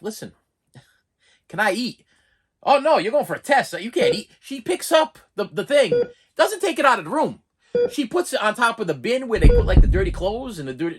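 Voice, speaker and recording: Animated man telling a rambling story. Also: high-pitched, husky. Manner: animated, acts out other people's lines in the story; rambling with frequent restarts and asides. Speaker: vlogger and collector. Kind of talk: casual storytelling vlog.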